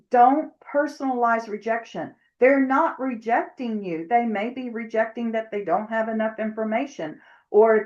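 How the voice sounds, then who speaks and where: A woman's voice: fairly high pitch, a little mellow. A middle-aged woman giving an emphatic motivational talk to her network marketing team. She coaches and acts out imagined conversations. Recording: dull lo-fi recording.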